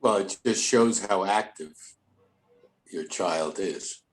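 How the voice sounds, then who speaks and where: Low-voiced older man, rambling podcast talk. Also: takes it slowly, low-quality recording. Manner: rambling, repeats words, folksy. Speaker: host, therapist. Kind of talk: casual podcast chat.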